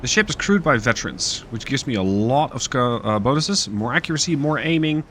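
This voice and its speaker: A man's voice: medium pitch, expressive, fairly quick, a bit bright, slight background noise. A man giving casual let's-play commentary on a naval strategy game, thinking aloud with fillers. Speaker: gaming YouTuber.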